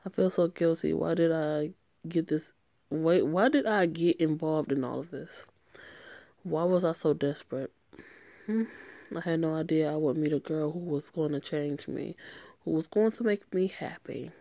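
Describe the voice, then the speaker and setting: A woman's voice: low voice, moderate pace, mellow, dry recording, highs cut off. A woman voicing a tender, remorseful young male gang member as she reads a story game aloud in an earnest, emotional way.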